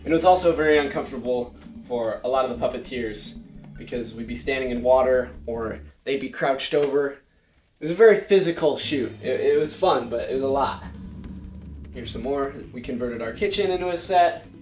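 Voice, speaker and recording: A man's voice: medium pitch, brisk, a little mellow. A young man in his late teens giving a casual, chatty slideshow presentation, explaining step by step and often saying "like" and "so". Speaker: student presenter. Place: school presentation room. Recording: roomy echo with faint music.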